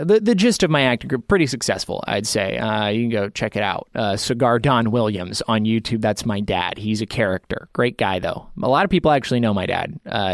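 A man's voice: lowish voice, no echo. A man hosting a podcast in a casual chat, rambling and self-deprecating, with lots of filler words, on a studio mic. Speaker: podcast host.

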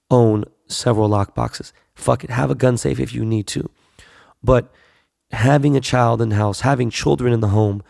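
A man's voice: medium pitch, gravelly, darkish tone, no room sound, clean studio sound. A man in a blunt, profane, slangy casual monologue, repeating himself for emphasis.

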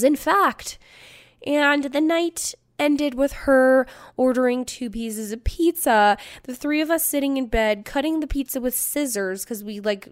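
A woman in her thirties tells a story on her podcast, swearing freely and acting out the lines of her friends. Her voice sits a little high, and she chats casually and animatedly. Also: clear, resonant tone. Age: 30s. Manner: profane, animated, acts out quotes. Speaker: podcast host.

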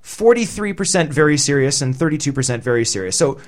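A man's voice: on the high side, expressive, quick pace. A man hosting a panel discussion who speaks hesitantly with many fillers while reading out poll figures. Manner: hesitant, filler-heavy, redirecting. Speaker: discussion host. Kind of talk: moderating a panel.

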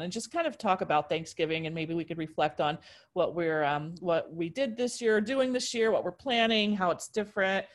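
A woman hosting a casual podcast chat over a video call, chatty and laughing easily, with plenty of ums. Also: lowish voice. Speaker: podcast host and arts editor.

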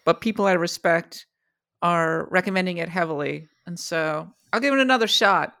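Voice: mid-range voice, moderate pace, gravelly, bright, forceful tone. A podcast guest in casual chat who laughs along and makes dry jokes.

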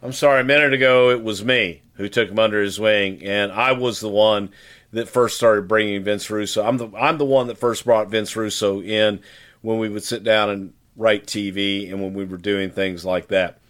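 A man's voice: fairly low pitch, steady tone, normal speed, fairly bright tone. A middle-aged man on a podcast who recalls his career in a blunt, emphatic way and firmly denies claims made about him. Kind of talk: casual podcast conversation.

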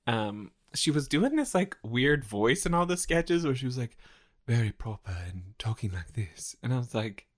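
Animated laughing man chatting. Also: mid-range voice, moderate pace. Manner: animated, laughs often, playful asides. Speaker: podcast co-host. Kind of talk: casual chat.

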